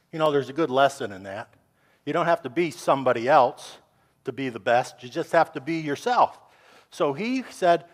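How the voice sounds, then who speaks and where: A male pastor chatting with children and acting out a story with friendly, animated voices. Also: on the high side, normal speed.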